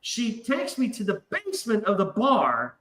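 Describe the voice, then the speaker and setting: Animated, profane man telling a story. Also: sits high, unhurried, reverberant, a little hiss or hum, poor audio. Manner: animated, profane, acts out voices in his story. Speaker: podcast guest. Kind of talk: casual storytelling.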